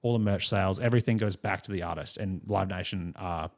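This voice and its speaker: Australian male podcast co-host, lower voice, loose rambling chatter with laughs. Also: fast. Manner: rambling storyteller, many fillers and laughs. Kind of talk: casual chat.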